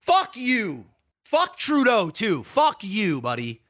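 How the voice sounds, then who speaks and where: A man's voice: high-pitched, huge pitch swings, slow, fairly bright tone. A man co-hosting a podcast, ranting heatedly with lots of profanity in casual chat. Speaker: podcast co-host.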